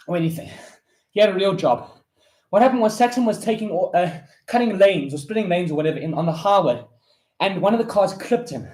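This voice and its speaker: A young man from South Africa, loud and fired up, swearing heavily and counting reps aloud while out of breath from push-ups. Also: sits high. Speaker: vlogger. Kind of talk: motivational rant while doing push-ups. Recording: roomy echo.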